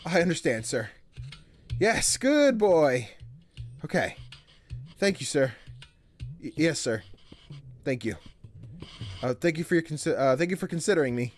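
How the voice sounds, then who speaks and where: A man's voice: on the high side, big pitch swings, a little slow, long pauses, faint music behind. A man voicing a nervous young immigrant father who answers a job interview politely and hesitantly in a game. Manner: formal, hesitant, many sirs.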